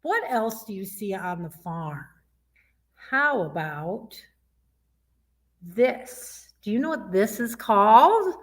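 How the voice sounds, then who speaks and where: Lively, slow-talking woman librarian. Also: mid-range voice. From Michigan. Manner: sing-song, asks young listeners questions, imitates animal sounds. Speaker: youth librarian. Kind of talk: children's story time presentation.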